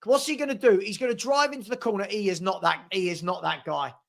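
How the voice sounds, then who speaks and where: A man giving partisan live commentary on a football match for a stream, getting loud and excited at big moments. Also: high-pitched, fast, creaky. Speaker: fan watch-along commentator. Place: home room with a dog.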